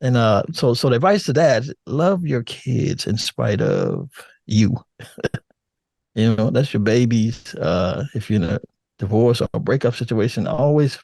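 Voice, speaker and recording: An older man talking in a relaxed, rambling way as an interview guest, laughing now and then. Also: medium pitch, unhurried, gravelly, dry recording, studio quality. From United States. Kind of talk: casual chat.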